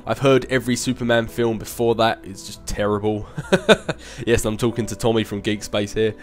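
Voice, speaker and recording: A young man hosts his channel, casually answering viewer questions in a chatty, rambling Q&A, laughing often and humming filler sounds. His voice is on the low side at a moderate pace, with soft music in the background.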